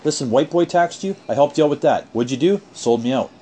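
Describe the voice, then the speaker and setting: A man's voice: on the high side, animated, fast talker, mellow, slight background noise. A man in a heated phone argument, lecturing angrily and swearing a lot. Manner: angry, profane, lecturing. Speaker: caller in a family phone argument.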